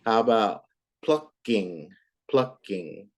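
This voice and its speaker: A woman tutoring a child in English, patient and encouraging, repeating words slowly to model them. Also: extremely low pitch, big pitch swings, darkish tone, a little hiss or hum. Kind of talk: online tutoring lesson.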